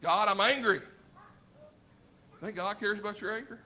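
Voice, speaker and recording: A man with a Southern US accent preaches a sermon in a church in a very high-pitched, bright, ringing voice. He talks to the congregation conversationally, throwing out rhetorical questions and swinging from loud, emphatic lines to low, quiet asides. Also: moderate pace. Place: church sanctuary.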